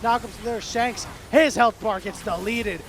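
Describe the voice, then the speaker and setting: A man doing play-by-play commentary as an esports caster, with fast, excitable calls that swing to shouting. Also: sits high, slight background noise.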